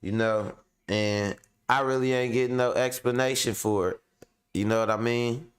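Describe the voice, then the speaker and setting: A man's voice: medium pitch, steady tone, moderate pace, clean tone. A man hosting his own online show, venting casually and at length to his viewers in a frustrated, rambling, profane way. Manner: heavy fillers, addresses viewers directly.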